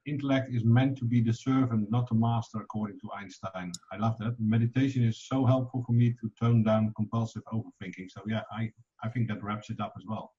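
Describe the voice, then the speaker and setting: Relaxed webinar co-host, hesitant delivery, muffled lo-fi line. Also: male voice, on the low side, a little fast. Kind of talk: casual webinar talk. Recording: dull video call audio.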